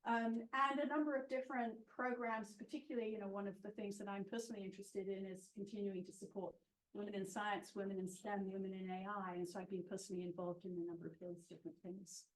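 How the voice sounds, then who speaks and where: A woman from Australia giving earnest, measured presentation remarks. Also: medium pitch, flat delivery, rough recording. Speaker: seminar speaker.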